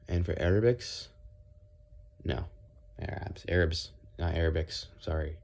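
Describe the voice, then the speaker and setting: A man's voice: low-pitched, unhurried, creaky, pauses often, a little mellow. A young man chatting casually, rambling and self-mocking, with a dry mouth. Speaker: vlogger. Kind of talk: casual chat demonstrating accents.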